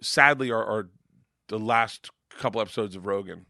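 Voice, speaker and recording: A middle-aged male comedian telling wild road stories in casual chat, profane and rowdy, loudly acting out the people in them. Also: on the low side, normal speed, vocal fry, no room sound, clean studio sound. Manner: profane, rowdy storyteller who acts out voices loudly. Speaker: comedian guest.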